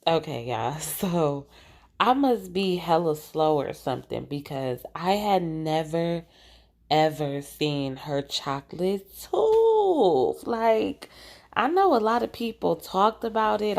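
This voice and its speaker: Low, slow, gravelly-voiced woman. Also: darkish tone. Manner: laid-back, slangy chat. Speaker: reaction video host. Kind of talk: casual reaction commentary.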